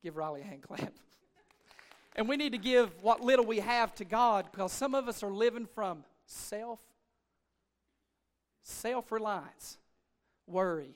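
High-voiced preaching pastor. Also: male voice, lively intonation, unhurried, pauses often. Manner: rising to shouted, rhythmic repetition. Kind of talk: preaching a sermon.

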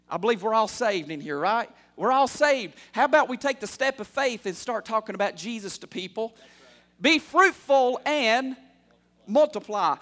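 High-voiced male preacher in his thirties. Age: 30s. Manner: call-and-response preaching, building to loud fervor. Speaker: pastor. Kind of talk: sermon.

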